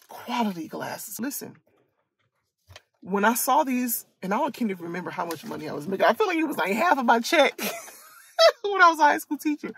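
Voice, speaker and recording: A Michigan woman in her late thirties, a host and coach for women, leads a casual storytime, speaking candidly and earnestly while circling back and repeating herself. Her lowish voice is creaky and husky, and there's no echo.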